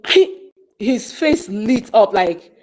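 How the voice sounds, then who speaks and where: A woman's voice: a little high, animated, takes it slowly, a little mellow, rough recording. A woman speaking on a call, telling a story with passion, often repeating herself and restarting sentences. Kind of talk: casual testimony on a live call.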